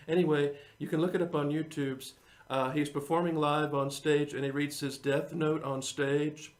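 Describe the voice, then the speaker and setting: A man's voice: on the high side, little pitch movement, normal speed. A man, a singer-songwriter hosting his own show, rambling in casual chat to viewers and chuckling often.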